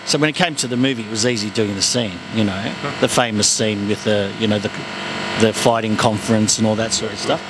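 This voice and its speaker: Animated comedian, noisy background. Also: male voice, lowish voice, fairly quick. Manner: animated storyteller, slips into comic voices. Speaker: guest comedian. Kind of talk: casual interview chat.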